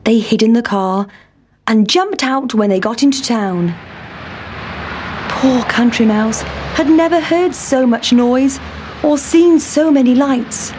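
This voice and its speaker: A woman calmly reading a children's story. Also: a little high, noisy background. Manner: calm, measured. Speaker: narrator.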